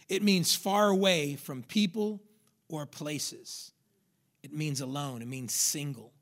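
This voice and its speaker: A male pastor preaching a sermon with emphatic repetition, sometimes acting out an inner voice. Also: fairly high pitch. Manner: emphatic preaching, repeats lines for stress, acts out inner voices.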